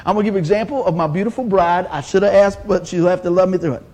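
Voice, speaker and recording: Here a preacher in his fifties speaks fast in a high-pitched voice. His sermon is full of animated stories, laughs, and acted-out voices for the people he quotes.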